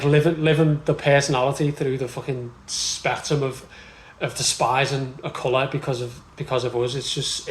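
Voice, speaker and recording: A man with a Liverpool accent chatting casually about football as a podcast co-host, ranting and swearing with animated laughter. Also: medium pitch, reverberant, a little hiss or hum, poor audio.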